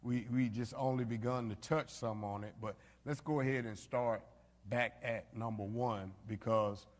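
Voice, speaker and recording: A man's voice: medium pitch, fairly even intonation, moderate pace. A man leading an informal Bible study, talking conversationally to the group with frequent fillers and direct asides. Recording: reverberant hall.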